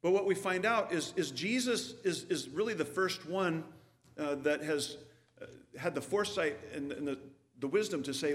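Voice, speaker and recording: A man's voice: a little high, expressive, normal speed, in a large hall. A man preaching a sermon, talking through scripture in a conversational way and putting questions to his listeners. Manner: conversational, asks the audience questions. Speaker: pastor.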